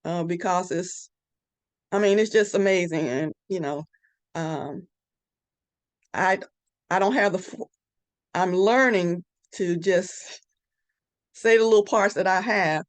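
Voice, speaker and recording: A woman giving a hesitant, halting exhortation to a faith group, with many fillers. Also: on the low side, no room sound. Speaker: group member.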